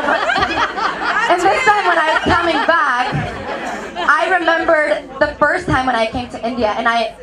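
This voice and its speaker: A young Mexican woman does a stand-up set at a comedy venue, her high voice carrying self-deprecating jokes. She laughs through her own punchlines while the live audience murmurs and laughs, and crowd noise fills the recording.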